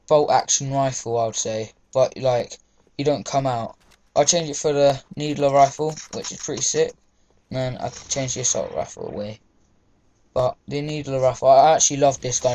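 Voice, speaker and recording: A man's voice: medium pitch, a little mellow, slight background noise. A young man, chatting casually over gameplay, rambling with lots of fillers. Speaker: gaming commentator.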